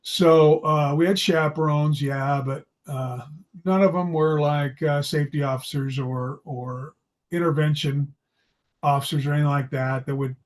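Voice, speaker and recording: Speaking at a measured pace with fairly even intonation and a voice on the high side, this Idaho man tells an anecdote from his school years. He hosts psychology videos and tells stories, and here he pokes fun at himself in a relaxed way.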